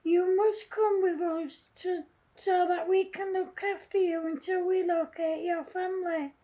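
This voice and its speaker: A woman voicing a kind father dolphin in a storybook reading, talking slowly and reassuringly to a frightened little one. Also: very high-pitched, steady tone, warm tone. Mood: soothing. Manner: soothing and reassuring.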